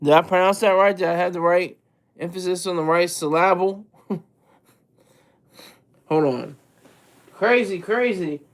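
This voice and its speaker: A man with a notably high voice hosts a loose livestream, talking straight to his chat. He rambles, trips over and repeats his words, and laughs quietly to himself as he goes. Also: unhurried, pauses often. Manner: rambling, self-interrupting, often repeats words; chuckles to himself between thoughts. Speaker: livestream host. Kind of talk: casual livestream commentary, reading chat.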